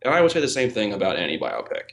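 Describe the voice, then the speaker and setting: A man's voice: fairly low pitch, very animated, rapid-fire. A man hosting a casual podcast film discussion, thoughtful and hesitant, with many fillers. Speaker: podcast host and film reviewer.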